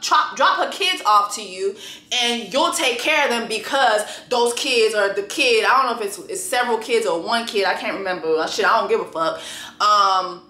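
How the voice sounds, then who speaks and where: Young woman going off on a reality show, swearing a lot, bright voice, echoey room. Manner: blunt, profane, animated with sudden high exclamations. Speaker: YouTube show host. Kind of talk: casual reality-show review rant.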